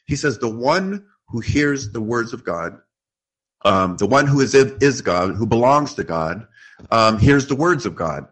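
A man's voice: mid-range voice, expressive, unhurried, fairly bright tone, slightly rough. A man earnestly explaining scripture in a theological discussion, quoting verses as he goes.

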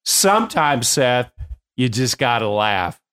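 An older man hosting a show as a coach, telling stories in a casual, animated way with bursts of laughter. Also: medium pitch, slow, clean tone. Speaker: host and performance coach. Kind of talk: casual storytelling.

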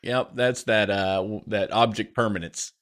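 A man co-hosting a podcast, chatting casually in a goofy, excitable way and laughing easily. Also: on the low side, moderate pace. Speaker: podcast co-host. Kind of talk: casual chat.

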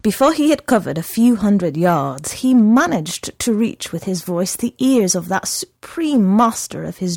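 A woman reads a story aloud at an unhurried, measured pace, shaping each phrase expressively. Her voice carries a gravelly texture, and the recording is dry and close with no room sound. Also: medium pitch, a little mellow, no room sound. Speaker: reader.

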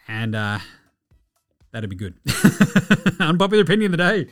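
An Australian man hosting a casual sports podcast, animated, jokey and swearing a lot. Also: on the high side, normal speed, faint music behind. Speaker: podcast host.

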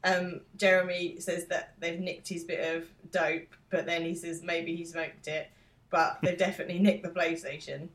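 A woman's voice: on the low side, flat delivery, moderate pace, rough recording. A woman co-hosting a casual podcast, telling the story with a wry, giggly manner. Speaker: podcast co-host. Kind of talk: casual chat recapping a TV episode.

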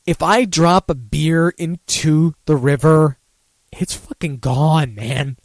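A man's voice: fairly high pitch, fairly even intonation, slow pace, dry recording. A man hosting a casual talk show, rambling and swearing freely while laughing at his own jokes. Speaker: host. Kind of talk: casual talk-radio banter.

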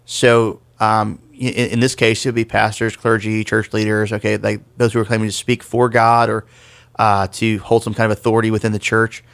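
A man's voice: fairly low pitch, level tone, normal speed, creaky, fairly bright tone, dry recording. A man co-hosting a casual podcast discussion about faith, explaining things conversationally with the odd self-deprecating joke. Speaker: podcast co-host.

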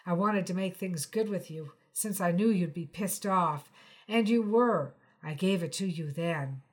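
A woman's voice: on the low side, measured pace, close to an everyday voice. A woman reading the part of a young male musician, defensive and earnest, speaking emphatically. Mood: insistent. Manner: louder, emphatic and pleading.

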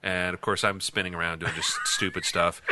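A man in his thirties co-hosting a podcast, telling a story in an animated, laughing way. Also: deep voice, normal speed, shouting, background noise. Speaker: podcast co-host. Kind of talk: casual storytelling chat.

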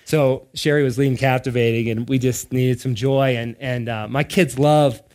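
A man in his thirties or forties preaching, telling family stories with laughter and animated bursts. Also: mid-range voice, normal speed. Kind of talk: sermon-style storytelling.

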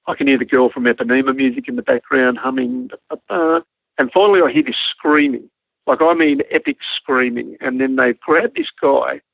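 An Australian man spins an animated anecdote in a relaxed, matter-of-fact way, his voice gravelly with fry. The sound is dry and narrow, like a phone line. He drifts in and out of other people's voices as he tells it. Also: mid-range voice, dry recording. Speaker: storyteller recounting an army flight.

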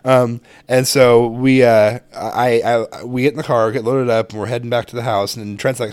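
A man's voice: mid-range voice, steady tone, moderate pace, few pauses, a little mellow, no echo. A man co-hosting a podcast, telling rambling, profane stories about his kids. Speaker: podcast co-host, father. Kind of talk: casual chat.

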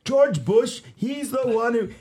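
A man doing an impression of his friend, putting on an African accent and loudly ranting about conspiracies. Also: lively intonation, slow, slight background noise, heavily acted. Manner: loud, high and shouting.

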